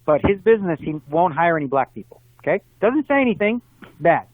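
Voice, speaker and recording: A man's voice: on the high side, no room sound. Man on a tinny phone line. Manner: fast, animated, argues with examples. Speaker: guest. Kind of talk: casual interview conversation.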